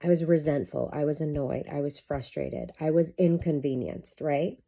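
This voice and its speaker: A woman's voice: low-pitched, fairly even intonation, normal speed, warm tone. A middle-aged woman, a life coach, talking to camera in a candid, chatty monologue and swearing freely.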